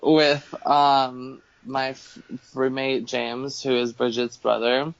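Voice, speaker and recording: A man with a creaky mid-range voice speaks slowly as a podcast guest in a dull, lo-fi home recording. He tells rambling, casual stories laced with swearing and animated, acted-out quotes.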